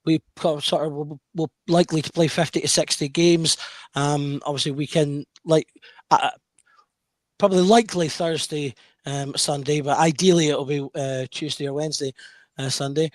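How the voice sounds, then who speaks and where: A man's voice: fairly high pitch, fairly even intonation, normal speed, no echo, studio quality. A man hosting a podcast, reading out listener questions in a hesitant way with many fillers. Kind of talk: casual podcast chat.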